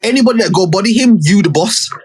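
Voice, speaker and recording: A man's voice: high-pitched, lively intonation, fast, husky. A young man, co-hosting a casual podcast and animatedly recapping a TV show with lots of swearing. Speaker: podcast co-host. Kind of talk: casual banter podcast chat.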